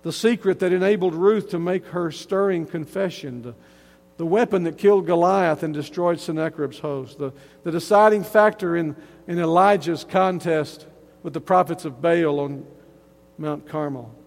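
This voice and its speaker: A pastor with a high, gravelly, slightly mellow voice delivers an emphatic sermon at a normal pace. A long hall reverb follows his words, and he frequently restarts phrases to hammer each point home.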